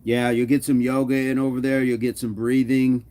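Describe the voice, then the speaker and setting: A man's voice: medium pitch, little pitch movement, moderate pace, noisy background. A man hosting a casual fitness live stream, playful and jokey as he chats with viewers on his phone. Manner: playful, jokey, hypes up the chat.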